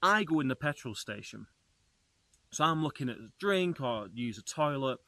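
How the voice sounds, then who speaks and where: A travel vlogger tells his story to camera with an animated, talkative energy. His voice is bright and sits close and dry, with no room around it. He speaks directly to his viewers as he goes. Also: medium pitch, normal speed, dry recording. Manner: lively, chatty, talks straight to viewers.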